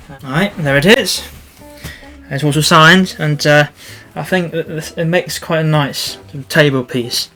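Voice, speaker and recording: A man narrates his photography vlog in an easygoing, unpolished way, often pausing, backtracking and correcting himself mid-sentence. His voice sits at an ordinary middle pitch. Soft guitar music plays faintly in the background. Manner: halting, with many restarts and soft asides. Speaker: landscape photographer.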